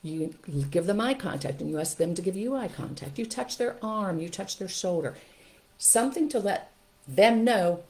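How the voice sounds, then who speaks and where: An older woman, a grandmother, giving firm parenting advice in an animated way and acting out what parents and children say. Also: medium pitch, moderate pace. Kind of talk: instructional talk to camera.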